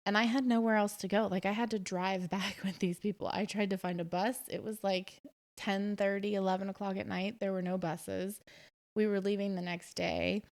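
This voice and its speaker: A woman's voice: mid-range voice, little pitch movement, normal speed, a little mellow. A woman in her twenties casually telling a long personal story on a podcast, with lots of fillers and quoted dialogue. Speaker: podcast host.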